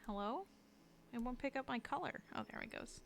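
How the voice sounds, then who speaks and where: A woman streamer chatting casually while she draws, rambling and self-deprecating, with lots of fillers and restarts and a habit of dropping to a low mutter as she works. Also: animated, a little fast, vocal fry, slight background noise. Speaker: streamer and artist. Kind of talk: casual live-stream chat while drawing.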